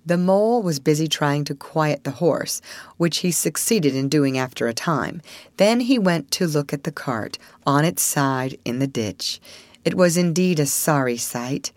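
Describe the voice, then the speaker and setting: A woman narrating a classic storybook aloud in an expressive, measured way. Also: sits low, dry recording.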